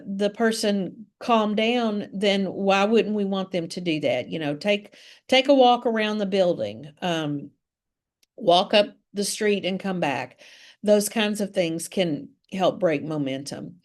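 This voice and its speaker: A woman leading a webinar training session, telling stories calmly and gently, with frequent fillers. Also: medium pitch. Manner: gentle, calm storytelling with many fillers. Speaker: trainer on de-escalation.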